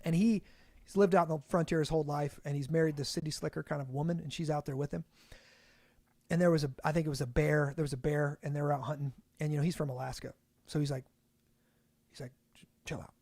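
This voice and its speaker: A man's voice: a little high, fairly even intonation, fast talker, a little mellow, dry recording. A young man co-hosting a casual podcast, talking in a rambling way with many restarts and fillers. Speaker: podcast co-host.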